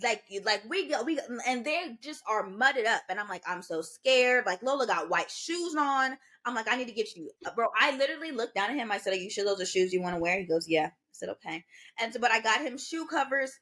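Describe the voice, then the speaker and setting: A podcast co-host in her twenties, with a fairly high-pitched voice, tells a story quickly in a casual chat. She's animated and acts out the voices of those she quotes.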